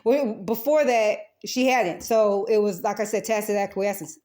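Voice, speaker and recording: A woman's voice: medium pitch, steady tone, moderate pace, warm tone. Woman rambling through a defensive account. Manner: rambling, defensive, swears, many restarts. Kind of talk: recorded account of a dispute.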